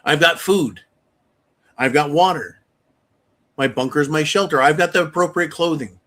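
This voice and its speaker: Man, angry profane rant, bright edgy tone, raised pitch. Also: normal speed. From United States. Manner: profane, ranting, heated. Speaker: channel host.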